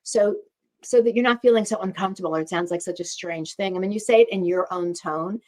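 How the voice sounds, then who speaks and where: A woman's voice: on the low side, quick pace, a little mellow. A woman hosting a wellness talk, explaining earnestly and repeating phrases for emphasis. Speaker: host and doctor.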